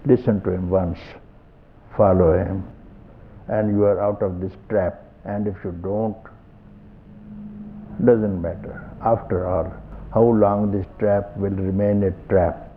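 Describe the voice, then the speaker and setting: An older Indian man speaks slowly and deliberately in a satsang, circling back to the same phrases with soft chuckles. His voice sits low and unhurried, with a faint hiss under it. The whole thing comes through a thin, phone-like archival tape recording. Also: fairly even intonation. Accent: Indian English. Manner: slow, repetitive, gently chuckling. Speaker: spiritual teacher. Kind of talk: satsang talk.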